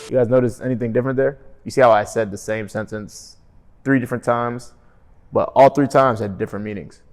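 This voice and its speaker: A young man talking casually to his vlog audience, often tagging his points with "right?" and calling himself monotone. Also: medium pitch, fairly quick. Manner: conversational, frequent "right?" tag questions, self-described monotone. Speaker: real estate wholesaler and vlogger. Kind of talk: casual motivational vlog talk.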